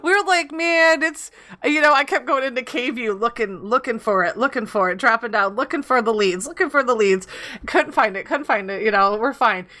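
A woman co-hosting a casual chat, telling animated gaming stories with laughter. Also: a little high, moderate pace.

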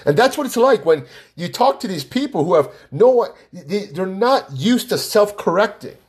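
A man talking casually to the camera, animated as he acts out both sides of an argument. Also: high-pitched, normal speed, breathy edge. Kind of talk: casual monologue.

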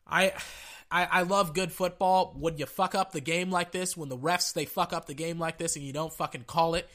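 This angry sports rant comes from a male commentator whose fairly high voice is a bit bright, steady in tone, and moderately paced. He reads quotes about football refereeing before venting in profane frustration.

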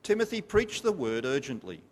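This sermon comes from a man with a mid-range voice whose pitch swoops wildly, speaking at a moderate pace. He is emphatic and repetitive, stops to ask the congregation questions, and the large hall adds long reverb.

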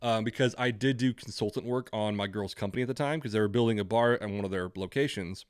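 Fast-talking profane young man ranting. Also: on the low side, smooth, dry recording, clean studio sound. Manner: profane, ranting, acts out both sides of dialogue. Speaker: podcast co-host. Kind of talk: casual storytelling chat.

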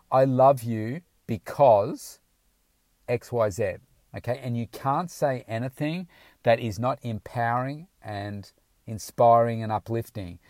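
A man's voice: mid-range voice, a little mellow, no room sound. Emphatic male motivational coach, dry sound. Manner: emphatic, coaching, repeats affirmations aloud. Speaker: weight-loss coach. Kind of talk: motivational talk.

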